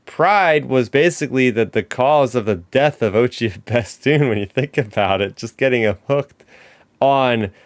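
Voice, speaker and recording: A man's voice: medium pitch, unhurried, no echo. A man hosting a podcast and chatting eagerly as a fan, with many fillers and restarts. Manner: excited fan talk, lots of "like" and restarts. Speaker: podcast host. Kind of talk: casual chat.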